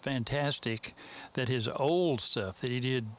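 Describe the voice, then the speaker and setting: A Texan man speaking as an interview guest, telling a long story in a relaxed, folksy way. He rambles and leans on fillers like "so anyway". His voice sits at an ordinary middle pitch for a man. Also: measured pace, slight background noise. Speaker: interview guest, mastering engineer.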